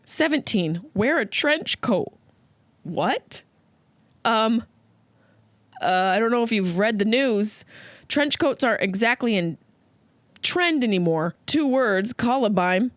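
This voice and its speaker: A woman from Upstate New York hosting a solo comedy podcast, riffing with sarcastic, animated asides. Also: a little high, slow, pauses often, no room sound. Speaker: podcast host.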